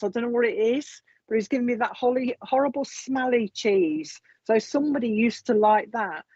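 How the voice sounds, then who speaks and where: A woman's voice: on the high side, a little mellow, breathy edge, dry recording, dull audio. A woman with a British accent giving live psychic readings, chatting as she passes on messages and reads out viewer comments. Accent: British English. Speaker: psychic medium. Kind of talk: live online mediumship readings.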